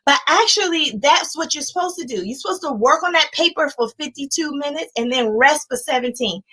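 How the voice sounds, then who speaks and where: Woman, 40s, life coach, high voice, bright tone, emphatic, chanting repetitions. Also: a little fast, low-quality recording. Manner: emphatic and animated, chants repeated words, laughs often. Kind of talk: livestreamed coaching talk.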